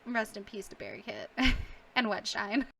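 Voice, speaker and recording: A woman's voice: fairly high pitch, very animated, moderate pace, vocal fry, sharp tone, a little hiss or hum. A young woman giving casual, emotional let's-play commentary on a game, gasping, sighing and laughing as she reacts. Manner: emotional, reacting aloud with gasps, sighs and laughs. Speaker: gaming YouTuber.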